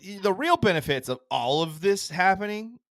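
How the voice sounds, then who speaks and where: A man co-hosting a casual podcast, recapping an episode with laughter and quick bits of voices. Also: sits high, dry recording. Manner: animated, laughing, recaps scenes and does voices. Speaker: podcast co-host.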